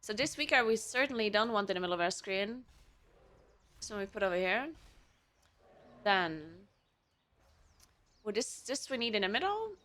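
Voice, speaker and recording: A woman's voice: medium pitch, big pitch swings, moderate pace, long pauses, fairly bright tone. A woman streamer chatting casually and thinking aloud while setting up her game, laughing often. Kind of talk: casual live-stream chat while gaming.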